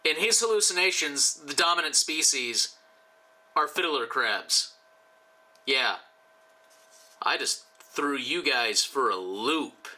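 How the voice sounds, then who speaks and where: A man's voice: a little high, expressive, takes it slowly, long pauses, bright, forceful tone, low-quality recording. A tipsy man rambling and joking with profane asides while he draws for his channel. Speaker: YouTuber drawing commissioned art. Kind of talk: casual rambling commentary while drawing.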